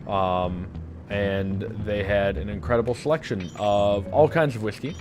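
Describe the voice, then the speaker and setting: A young man with a noticeable lisp rambles through casual live-stream chatter, full of puns and filler words. His voice sits fairly low. Soft music plays faintly underneath. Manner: rambling, joking, punning, many fillers. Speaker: game streamer.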